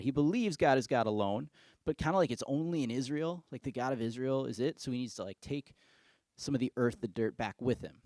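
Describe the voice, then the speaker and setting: A male pastor giving a sermon, reading scripture and retelling it in a casual, conversational way with lively asides. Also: mid-range voice, fairly quick, no echo.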